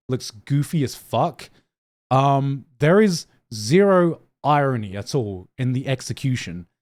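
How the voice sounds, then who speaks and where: A young man chatting casually on a live stream, excitable, swearing freely and often repeating himself as he reacts. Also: mid-range voice. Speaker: streamer reacting to anime news.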